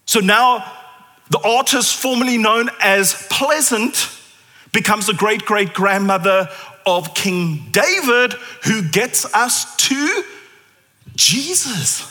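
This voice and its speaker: Male preacher, high bright voice, theatrical sermon, long hall reverb. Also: takes it slowly. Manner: animated, theatrical, shifts to hushed intensity. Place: church.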